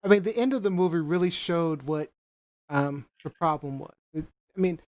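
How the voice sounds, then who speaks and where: Laid-back show host, mid pitch, reflective, lots of i mean and you know. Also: normal speed, darkish tone. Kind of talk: casual discussion.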